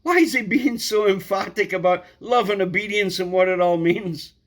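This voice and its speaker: A man preaching a sermon, emphatic, repeating key words and building to loud outbursts. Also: high voice, normal speed.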